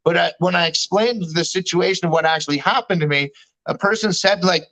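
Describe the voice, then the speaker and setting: A man's voice: sits high, fairly quick, fairly bright tone, poor audio. A man, talking candidly in a casual chat, slangy and swearing freely. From Canada. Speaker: guest. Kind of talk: casual chat recounting a dream.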